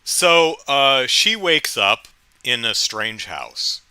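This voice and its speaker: A man's voice: mid-range voice, big pitch swings, drawn-out words, pushed and bright, clear, resonant tone, dry recording. A man hosting a casual solo podcast, recapping with wry, amused storytelling into a close mic. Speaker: podcast host.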